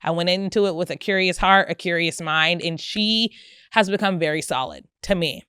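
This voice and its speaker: A woman in her thirties hosting a podcast on her own, talking in a candid, emphatic and chatty way with a loud voice, close to the mic. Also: fairly low pitch, moderate pace, clear, resonant tone, dry recording. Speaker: podcast host. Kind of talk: casual solo podcast talk.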